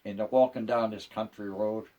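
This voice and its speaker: An older man, a grandfather, telling jokes in an unhurried, folksy storytelling way. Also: lowish voice, steady tone, recorded from a distance, muffled recording. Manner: unhurried, folksy joke delivery.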